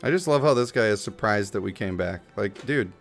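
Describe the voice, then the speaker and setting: A man's voice: lowish voice, expressive, brisk, creaky. A man live-streaming a game, chatting and joking casually and slipping into silly voices. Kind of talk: casual gameplay commentary. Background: game music.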